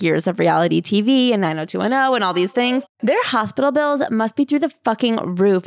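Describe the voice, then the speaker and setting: Deadpan woman podcast co-host, dry sound. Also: mid-range voice, dry recording. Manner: deadpan, blunt jokes. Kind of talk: casual comedic book recap.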